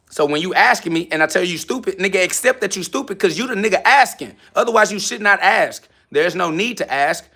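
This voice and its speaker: A man's voice: high-pitched, bright, forceful tone. A man hosting a live stream, answering chat in a brash, confrontational, profane way and mocking commenters. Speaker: livestream host.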